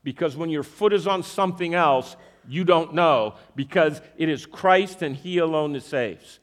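A man with a slightly high voice preaches at normal speed, building his sermon around a magic trick as an object lesson. Animated and interactive, he questions the audience often and repeats verses for emphasis.

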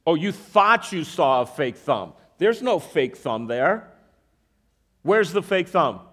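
This preacher's voice sits on the high side and moves slowly as he uses a magic trick to illustrate his sermon. Animated throughout, he frequently checks in with the audience, poses questions to them, and repeats verses to drive points home.

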